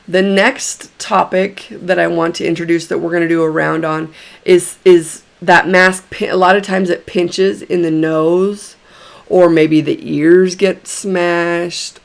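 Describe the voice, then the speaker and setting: Slow, gravelly woman leading a tapping session. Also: on the low side. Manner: slow, emphatic repetition of phrases; gentle, encouraging instruction. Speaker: tapping therapy guide.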